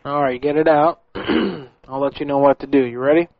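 A man hosting a prank-call radio show, teasing callers with cheeky, deadpan banter. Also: medium pitch, moderate pace, vocal fry, no echo. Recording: dull radio recording with faint music.

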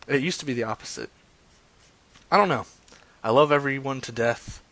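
A man's voice: mid-range voice, moderate pace, a bit bright, no echo. Crude rambling man hosting a stream. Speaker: live-stream host making prank calls. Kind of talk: casual profane streaming chat.

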